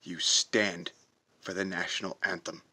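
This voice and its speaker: A man in a profane, confrontational patriotic rant for a reaction video, hammering his points with slow drawn-out stresses. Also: low-pitched, little pitch movement, pushed and bright. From United States. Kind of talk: heated patriotic rant to camera.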